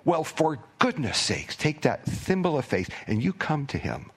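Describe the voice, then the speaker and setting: A man preaching a sermon as pastor in a conversational way, with stammered restarts, sometimes dropping to a hushed near-whisper for emphasis. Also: on the high side, very animated, measured pace, breathy edge.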